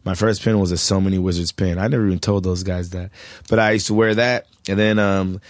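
A man's voice: low voice, fairly even intonation, fairly quick, no echo, studio quality. A young man telling loose, laughing stories as a guest in a casual interview. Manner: loose storytelling, laughing, swearing. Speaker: guest, rapper.

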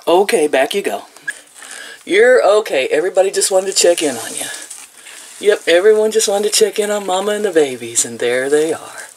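A woman's voice: deep voice, big pitch swings, moderate pace, long pauses, heavy background noise. An older woman vlogging at home, talking sweetly to her animals in baby talk. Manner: coos and baby-talks to the animals, laughs often. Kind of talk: casual vlog, talking to animals.

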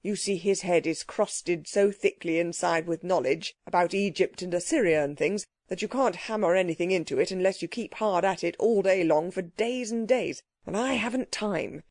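A woman voicing a stout, prosperous man visitor who talks loudly and briskly. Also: no echo, studio quality. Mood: bluff. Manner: bluff, brisk, booming.

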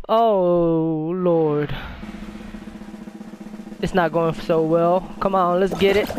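A young man streaming a party game, hyped and yelling at the screen, trash-talking his friends. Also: sits high, fairly even intonation, very slow, pauses often, slight background noise. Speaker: gaming streamer. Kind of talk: excited gameplay commentary.

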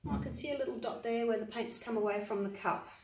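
A woman's voice: a little high, fast, distant mic. A woman vlogging a paint-pouring demonstration, talking in a chatty, practical and encouraging way. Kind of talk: casual demonstration talk. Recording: roomy echo, voice from away from the mic.

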